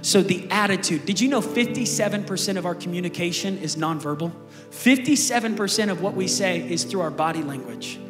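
A man preaching a sermon as pastor in a large church, talking in a casual, energetic way and turning to the congregation with questions. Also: high voice, brisk, reverberant, in a large hall, music in the background.

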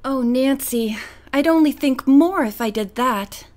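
A woman's voice: high-pitched, measured pace, darkish tone. A woman voicing a timid, frightened teenage girl who speaks in a faltering, hesitant way. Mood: upset.

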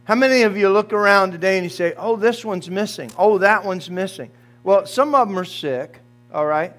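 A man preaching to his congregation in a folksy, direct way. His voice sits a little high. A low mains hum runs underneath the recording. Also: moderate pace, a bit bright. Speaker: pastor. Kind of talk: sermon.

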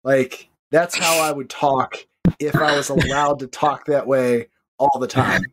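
A man co-hosting a movie podcast, telling stories in an animated, casual way. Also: mid-range voice, measured pace, noisy background. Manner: animated storyteller. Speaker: podcast co-host.

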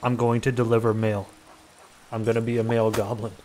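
A man voicing a small, filthy, boastful male goblin in a gruff, self-satisfied drawl during video game commentary. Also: mid-range voice, flat delivery, fairly quick, darkish tone, pitched below the performer's own voice, lightly acted. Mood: smug. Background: game music.

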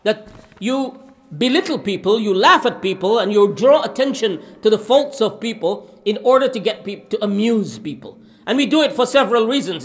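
A man's voice: extremely high pitch, fairly bright tone. A man giving an earnest, explanatory religious lecture, quoting Arabic scripture as he teaches. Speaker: Islamic lecturer.

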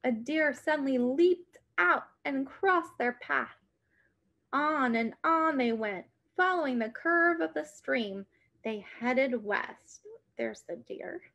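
A woman reading a children's story aloud with an expressive, dramatic delivery. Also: high-pitched, takes it slowly, vocal fry.

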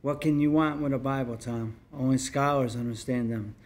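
A man voicing a boisterous, excitable young lad who speaks loudly and bluntly. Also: medium pitch, normal speed, close to an everyday voice. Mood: cross.

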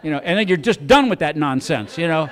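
A man's voice: a little high, expressive, fairly quick, crowd noise. A middle-aged man doing stand-up on a comedy club stage, telling a long rambling story, stumbling over repeated words and acting out the lines of the people in it.

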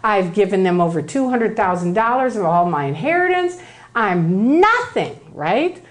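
Brief: woman speaker, lively first-person storytelling talk, mid-range pitch, acts out quotes, keeps checking in with "right?". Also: moderate pace. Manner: animated, acts out quoted voices, tags lines with "right?". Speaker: speaker giving a public talk.

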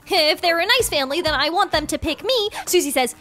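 A woman narrating a game story in the first person with excitable, fast chatter. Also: high voice. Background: background music.

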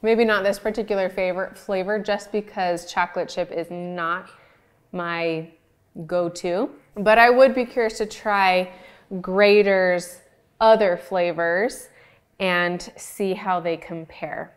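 A woman's voice: lowish voice, steady tone, slow. A young adult woman who makes ice cream, chatting casually through a review and talking with her mouth full. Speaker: ice cream maker reviewing store-bought ice cream. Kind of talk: casual product review vlog.

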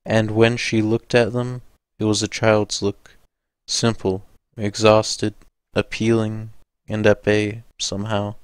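A man narrating an audiobook in a measured, steady way. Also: lowish voice, clean tone, no echo.

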